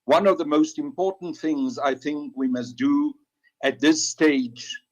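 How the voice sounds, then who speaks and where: Guy hosting a political audio chat, earnest, speaks slow and careful. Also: a little high, low-quality recording. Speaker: host.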